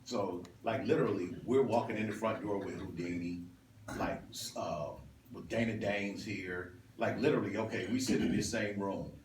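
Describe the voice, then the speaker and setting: A man in his forties hosts a casual talk and tells stories with lively energy and frequent laughter. He sits back from the microphone in a roomy, echoing space, with a faint ambient hum behind him. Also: on the low side, normal speed. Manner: animated storyteller who laughs often. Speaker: host DJ. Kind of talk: casual chat. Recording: roomy, distant mic.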